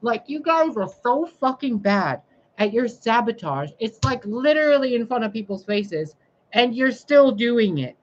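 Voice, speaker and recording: A woman's voice: on the high side, big pitch swings, unhurried, muffled recording. A woman livestreaming a blunt, sarcastic monologue, scolding her viewers and swearing freely. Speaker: spiritual livestreamer.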